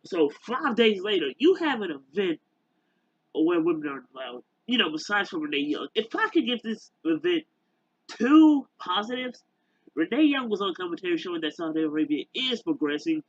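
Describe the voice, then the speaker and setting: Rambling young man with a husky voice. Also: high-pitched, a bit bright, no echo, dull audio. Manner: rambling, halting, many fillers and restarts. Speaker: YouTuber. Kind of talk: casual rant to camera.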